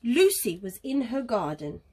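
A woman teacher reading a picture book aloud to young children, animated, gasping and coaxing them to join in. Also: on the high side, unhurried, husky. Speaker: early years teacher.

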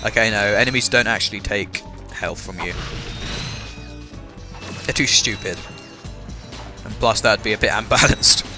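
A man's voice: fairly low pitch, measured pace, long pauses, pushed and bright. A young man with an English accent and a slight cough, chatting casually while he plays a game. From England. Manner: chatty, self-mocking, many fillers. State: has a cough. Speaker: let's-play gamer. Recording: voice over game music.

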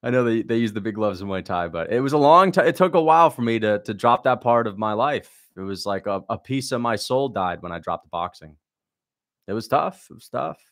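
A man's voice: medium pitch, lively intonation, fairly quick. A young man hosting a livestream, chatting casually, blunt and sarcastic as he reads out viewer questions and mocks what he sees. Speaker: livestream host reacting to a fight.

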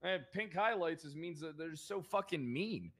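Brief: young man, sheriff roleplay, loud profane bluster, slightly high and very animated delivery. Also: moderate pace. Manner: brash, profane, mock-aggressive ranting. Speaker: roleplay streamer playing a sheriff. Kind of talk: improvised game roleplay.

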